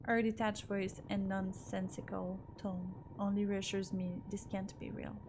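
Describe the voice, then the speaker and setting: A woman reads a visual novel aloud in first person, expressive and engaged. Her pitch sits in a middle range. A steady noise runs underneath. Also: a little slow. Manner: expressive reading with occasional asides. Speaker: let's play streamer.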